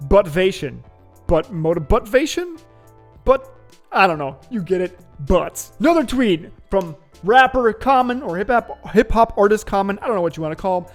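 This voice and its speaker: A man hosting his own show, chatting in a playful, joking, upbeat way. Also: sits high. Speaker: host. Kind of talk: casual vlog commentary.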